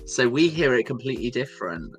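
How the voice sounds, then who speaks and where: A man hosting a casual chat stream, talking in a soft, soothing voice, rambling and laughing often. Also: medium pitch, big pitch swings, fast talker, soft background music. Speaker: stream host.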